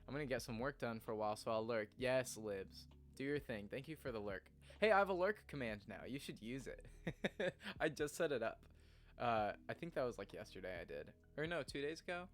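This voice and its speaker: A man's voice: mid-range voice, lively intonation, a little fast, soft background music. A young man chatting casually on a morning stream from his home room, earnest and rambling, often laughing at himself.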